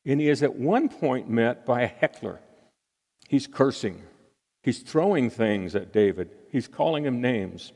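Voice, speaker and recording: A man preaching a sermon as pastor, earnest and unhurried, with pauses between phrases. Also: mid-range voice, animated, darkish tone. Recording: hall reverb.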